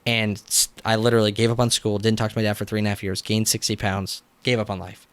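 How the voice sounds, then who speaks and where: Animated, dry-sounding man telling his story. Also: on the low side, fast, no room sound. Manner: animated, acts out quotes, frequent "like" fillers. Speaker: business coach. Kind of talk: storytelling in a casual interview.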